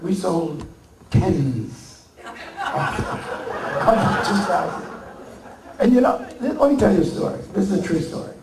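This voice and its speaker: Gravelly high-voiced old comic, echoey hall. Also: male voice, big pitch swings, takes it slowly, long pauses. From Brooklyn, New York. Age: 80s. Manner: rambling, joking storyteller who bursts into loud bits. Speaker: comedian accepting an award. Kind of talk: comic acceptance speech. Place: large banquet hall with an audience. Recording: echoey hall, mic far off, crowd laughter.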